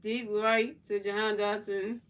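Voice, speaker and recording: Flat-toned streamer from Philadelphia, miked from afar. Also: female voice, mid-range voice, unhurried, distant mic. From Philadelphia, USA. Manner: repetitive, restarts phrases, casual chat-reading. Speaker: gaming streamer. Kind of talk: play-by-play commentary of a football video game, chatting with viewers.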